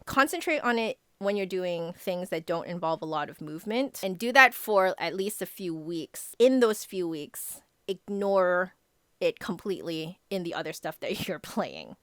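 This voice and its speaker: Low-voiced woman flute teacher explaining. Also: no echo, clean studio sound. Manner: explanatory, relaxed, hedges with "kind of". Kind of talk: casual Q&A answering viewer questions.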